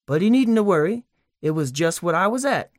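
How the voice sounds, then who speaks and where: A man's voice: high-pitched, lively intonation, brisk, no echo, clean studio sound, voice pushed up. A man doing a pompous old con man. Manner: grandiose, long-winded, unctuous. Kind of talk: audiobook character voice.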